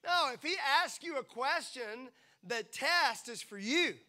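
A pastor delivers a sermon in church, his voice high, bright and ringing. He addresses the congregation playfully and with lots of animation. Every so often he drops into quick acted-out voices, then returns to plain speech.

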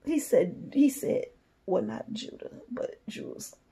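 A woman minister reading scripture aloud and preaching on it, moving between hushed passages and emphatic repetition. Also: mid-range voice, big pitch swings, a little slow, husky. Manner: reads scripture then preaches freely, shifts from soft whispers to fervent emphasis.

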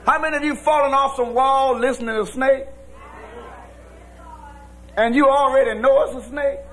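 A man preaching a sermon as pastor, shouting in a folksy preaching cadence. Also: very high-pitched, fairly even intonation, normal speed. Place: church with congregation.

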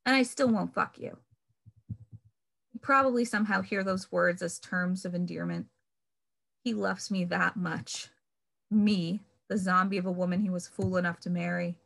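Woman with a gravelly reading voice. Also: lowish voice, fairly even intonation, fairly bright tone. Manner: measured, wry, pointed emphasis on key words. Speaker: author reading her novel. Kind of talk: reading fiction aloud.

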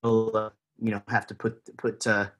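A man's voice: fairly low pitch, completely flat delivery, moderate pace, fairly bright tone. A man with a Texan accent, chatting casually as a podcast guest, rambling with lots of fillers and restarts. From Texas, USA.

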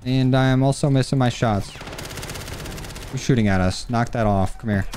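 A man's voice: medium pitch, moderate pace, a little hiss or hum. A man giving casual, cocky commentary on his own gameplay as a gaming YouTuber, with faint music and game gunfire behind him. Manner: animated, cocky trash talk.

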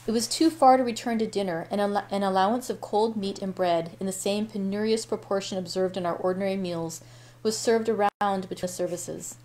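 Woman reading a classic novel aloud. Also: mid-range voice. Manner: steady, unhurried reading with small self-corrections. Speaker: library read-aloud host.

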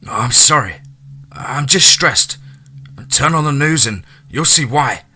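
A man's voice: medium pitch, expressive, slow pace, bright, forceful tone, breathy edge, pitched above the performer's own voice, full character voice. A man voicing a stressed young male detective in a horror story, urgent and breathless. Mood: apologetic.

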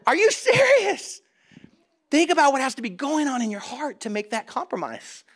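High-voiced pastor preaching with dramatic swings. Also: male voice. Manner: dramatic swings between loud and hushed; conversational, addresses congregation directly. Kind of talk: sermon.

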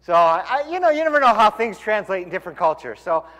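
Man, service leader, animated joke-telling, high-pitched, echoing sanctuary. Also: quick pace. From Tucson, Arizona. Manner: lively storyteller, shouts punchlines.

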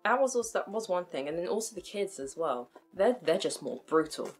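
A woman's voice: on the low side, lively intonation, brisk, husky, faint music behind. A woman, talking frankly to camera in a chatty, self-mocking way. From United Kingdom. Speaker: vlogger. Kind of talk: casual commentary to camera.

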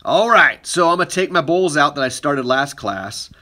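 Bright-voiced male ceramics teacher. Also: on the high side, normal speed. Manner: relaxed, talks while working with hands. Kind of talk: casual demonstration lesson.

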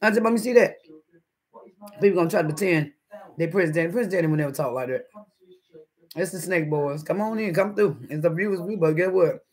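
Eating breakfast during a casual live stream, this man chats and reads messages aloud in a voice that sits high. His delivery is fairly quick with frequent pauses, and he laughs a lot, sometimes with abrupt loud bursts.

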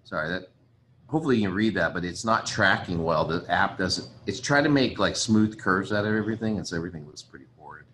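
A man's voice: sits low, lively intonation, fast talker, fairly bright tone, a little hiss or hum. A man teaching a chemistry lesson in a casual, chatty way, thinking aloud and apologizing as he writes. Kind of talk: casual recorded lecture.

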